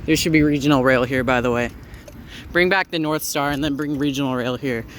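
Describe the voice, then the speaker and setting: A man's voice: mid-range voice, fairly quick, a bit bright, a little hiss or hum. Rambling man narrating a bike ride. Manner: rambling, wry asides, frequent "uh". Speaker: transit vlogger. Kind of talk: casual narration while cycling. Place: outdoors, on a bike through town streets.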